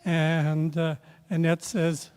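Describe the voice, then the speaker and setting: An older man telling a rambling personal story at a memorial service, halting with many filler pauses and restarts. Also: a little high, monotone, a little mellow, clean tone. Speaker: speaker sharing a memory at a memorial. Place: event room at a memorial service. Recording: long reverb of a large hall.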